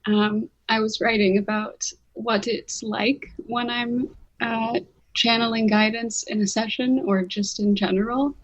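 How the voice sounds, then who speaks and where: A woman's voice: on the high side, steady tone, measured pace, lo-fi sound. A woman co-hosting a podcast in casual chat, earnest and reflective, with light laughs. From United States. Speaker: podcast co-host and spiritual reader.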